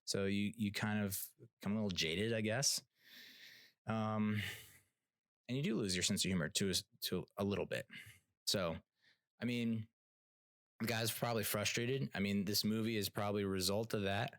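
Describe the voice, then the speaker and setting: A man's voice: on the low side, steady tone, normal speed, pauses often, a bit bright, no room sound, studio quality. A man hosting a podcast, talking in a rambling, casual way with lots of fillers and restarts, blunt and sometimes profane. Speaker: podcast host. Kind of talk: casual solo rant and TV review.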